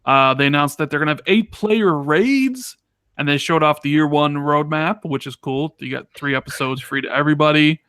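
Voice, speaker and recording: A man co-hosting a casual gaming podcast, talking in an animated, exasperated, ranting way. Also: on the high side, normal speed, clear, resonant tone, no room sound, clean studio sound. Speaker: podcast co-host.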